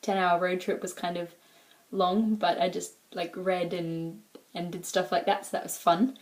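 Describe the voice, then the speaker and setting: Talking to the camera in her personal vlog, this Australian exchange student chats and rambles, filling gaps with "like" and "um." She speaks unhurriedly in a lowish, level voice.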